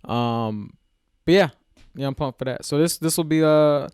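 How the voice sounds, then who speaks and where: A man's voice: on the high side, normal speed, darkish tone, clean tone, no room sound, clean studio sound. A man co-hosting a podcast, chatting in an easygoing, agreeable way. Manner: easygoing, agreeable, lots of "yeah". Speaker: podcast co-host. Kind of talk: casual chat.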